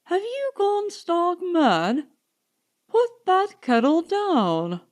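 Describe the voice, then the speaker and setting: A man's voice: very high voice, very animated, slow, a little mellow, voice pushed up, full character voice. Woman voicing an exasperated, commanding young man.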